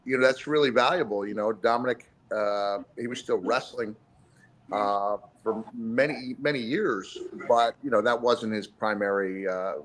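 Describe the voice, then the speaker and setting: Brief: man guest, low voice, thoughtful and halting. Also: a bit bright, a little hiss or hum, rough recording. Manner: thoughtful, many fillers. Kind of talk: reminiscing in conversation.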